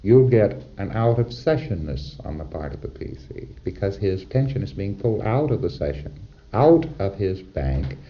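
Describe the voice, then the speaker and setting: Deep-voiced man lecturing on old tape. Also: big pitch swings, normal speed. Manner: emphatic, rhetorical, checks in with "See?". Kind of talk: recorded lecture. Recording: dull lo-fi 1960s lecture tape.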